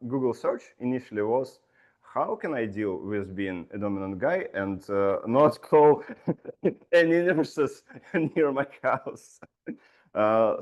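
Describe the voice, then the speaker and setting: A man giving a humorous, self-mocking impromptu speech and laughing at his own jokes. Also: medium pitch. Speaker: club speaker.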